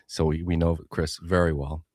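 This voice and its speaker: A man who is a guest on a podcast, telling profane, animated stories in casual chat. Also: sits low, moderate pace, dry recording, clean studio sound. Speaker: guest, sales consultant for chiropractors.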